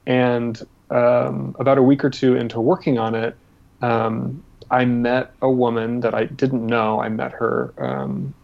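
A man, a guest artist in an interview, tells a personal story in a halting way with many fillers and restarts. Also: medium pitch, creaky. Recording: slightly dull lo-fi audio.

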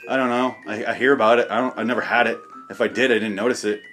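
A man tears into his subject in a sarcastic comic rant, swearing freely and tripping over his own restarts as he builds each jab. His voice sits at an ordinary pitch for a man. Faint music plays under him. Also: fairly even intonation, quick pace, a bit bright. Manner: sarcastic, profane ranting with stammered restarts. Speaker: podcast host. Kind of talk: comedic rant monologue.

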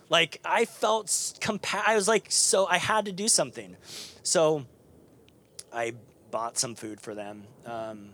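A man preaching a sermon to a live congregation, chatty and animated, with lots of fillers and restarts. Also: mid-range voice, slight background noise. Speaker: pastor. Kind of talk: conversational sermon.

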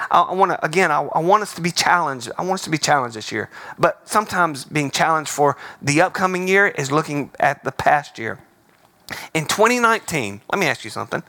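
Pastor, male, high and bright voice, dry close sound, casual sermon delivery with emphatic repeats. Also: no echo. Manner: conversational, emphatic, repeats key words.

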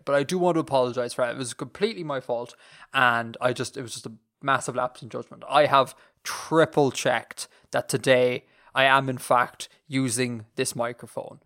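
A man hosts a casual podcast, rambling with lots of restarts and self-mocking jokes. His voice is mid-pitched and conversational, and he laughs easily. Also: normal speed, bright, forceful tone. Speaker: podcast host.

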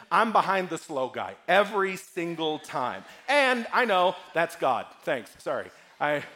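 A man preaching a sermon as pastor, swinging from loud, emphatic lines to hushed ones. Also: sits high.

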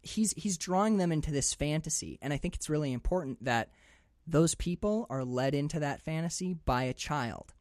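Animated man in casual film talk. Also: a little high, moderate pace, dry recording, studio quality. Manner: animated, swears freely, acts out characters' lines. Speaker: podcast co-host. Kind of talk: casual movie discussion.

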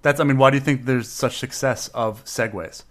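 A man's voice: mid-range voice, steady tone, normal speed, fairly bright tone. A man co-hosting a casual podcast, joking and rambling, laughing often. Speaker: podcast co-host.

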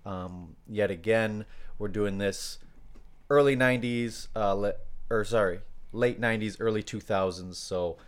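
Casual podcast co-host: a man with a low, smooth voice who talks in halting bursts padded with ums. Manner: hesitant, many fillers, loses his place.

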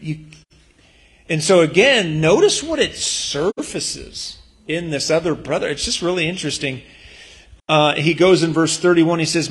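A man's voice: on the high side, expressive, unhurried. A male pastor preaching in a church, talking in an earnest, conversational way with emphatic bursts. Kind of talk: sermon.

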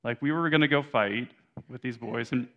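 A man's voice: mid-range voice, normal speed, phone-quality sound. A young adult man preaching a sermon as pastor, in a conversational way, correcting himself and often adding "right?" asides.

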